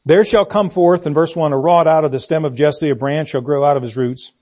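A man's voice: fairly high pitch, a little fast, a little mellow. A man preaching an expository sermon in a church, emphatic, repeating key phrases and asking the congregation questions.

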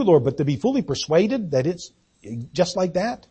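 A man in his sixties, a pastor preaching a folksy, self-deprecating sermon with halting restarts. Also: high-pitched, very animated, dark tone, husky. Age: 60s.

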